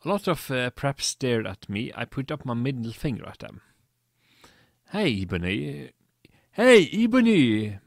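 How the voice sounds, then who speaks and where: Man, comedic reader, deadpan, sarcastic asides, mid pitch, dry close sound. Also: moderate pace, gravelly, few pauses, dry recording. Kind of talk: comedic dramatic reading of fan fiction.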